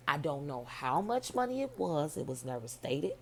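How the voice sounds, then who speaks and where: A middle-aged woman telling a dream story in a blunt, profane, animated way. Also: low voice, normal speed, hardly any pauses, slight background noise. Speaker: vlogger telling her dream. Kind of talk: casual storytelling.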